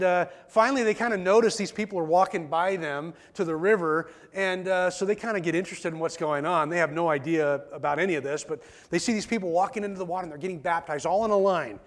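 A male pastor with a fairly high voice preaches to his congregation in a loose, conversational way. He often stumbles over and repeats his first words before getting a sentence going. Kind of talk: sermon. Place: church.

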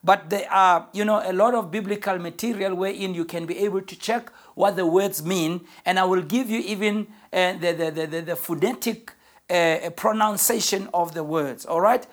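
A woman pastor preaching a sermon in an earnest, emphatic way, slowing down to stress key phrases. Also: fairly low pitch.

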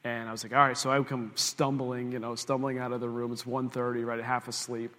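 A man's voice: mid-range voice, level tone, brisk, big-room sound, noisy background. A man preaching a conversational sermon, telling a self-mocking story with asides to the congregation. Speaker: pastor.

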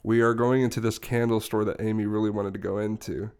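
A man's voice: lowish voice, little pitch movement, fairly quick, darkish tone, clear, resonant tone. A young man on a podcast, casually telling a long story with frequent laughs and restarts. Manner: rambling, laughs often while telling a story. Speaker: podcast co-host.

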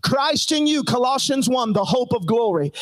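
A man delivers a sermon in a strikingly high voice. He calls out to the congregation for responses and climbs into impassioned, shouted preaching. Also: expressive, normal speed, no room sound.

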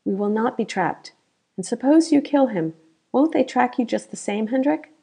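A woman's voice: fairly high pitch, lively intonation, moderate pace, gravelly, mellow, breathy edge, voice pushed up, heavily acted. A woman doing a coaxing, nervous young woman. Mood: urging. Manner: urgent, coaxing. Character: young woman, outwardly confident, hiding fear.

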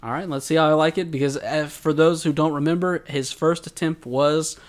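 A man co-hosting a casual podcast about an anime, talking in an animated, sarcastic way. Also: a little high, normal speed. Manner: animated, sarcastic, acts out quoted lines. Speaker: podcast co-host. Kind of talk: casual anime recap chat.

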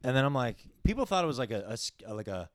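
Animated, foul-mouthed male comic. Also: mid-range voice, quick pace, no room sound, studio quality. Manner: swears constantly, animated storytelling. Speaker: comedian and podcast co-host. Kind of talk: casual crude podcast banter.

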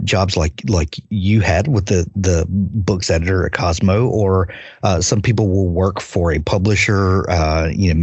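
A man hosts a casual podcast interview, talking in a halting way and repeating words as he works toward his point. His voice is fairly low and husky, recorded dry and close. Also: darkish tone, no echo, muffled recording. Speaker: podcast host.

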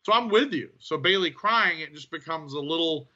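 A man co-hosting a podcast, talking through his thoughts on wrestling in a thoughtful, hesitant way with many pauses. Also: a little high, expressive, pushed and bright, dull audio. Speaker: podcast co-host. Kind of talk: casual wrestling review chat.

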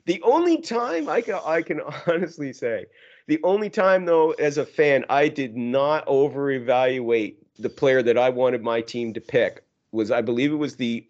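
A man's voice: mid-range voice, a little mellow, lo-fi sound. A man co-hosting a casual hockey podcast, chatty and laughing as he talks. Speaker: podcast co-host.

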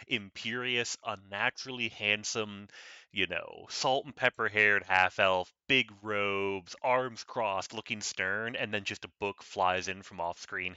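A man's voice: lowish voice, bright, forceful tone, no room sound. A man co-hosting a casual book discussion podcast, thoughtful and analytical, with casual swearing. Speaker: podcast co-host. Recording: dry, dull lo-fi sound.

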